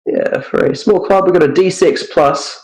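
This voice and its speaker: A man's voice: high voice, normal speed, darkish tone, low-quality recording. A man playing in a tabletop game, joking and offhand, swearing casually. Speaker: player.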